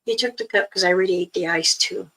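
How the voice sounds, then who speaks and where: A woman's voice: mid-range voice, fast, gravelly, a bit bright, husky, poor audio. A woman hosting a casual livestream, chatting about a trip with frequent laughs and reading viewer comments aloud. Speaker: livestream host. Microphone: streaming setup.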